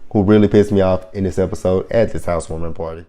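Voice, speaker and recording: A man's voice: low-pitched, quick pace. Blunt, profane man recapping TV. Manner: blunt, profane and animated when annoyed; rambling with frequent self-corrections. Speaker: reality TV recap host. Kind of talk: casual episode review.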